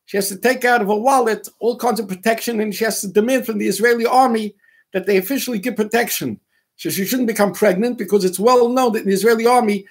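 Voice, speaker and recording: A man hosting a radio talk show, speaking with fire, acting out dialogue in quick bursts and mixing in Hebrew and Yiddish words. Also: high voice, breathy edge. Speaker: radio host.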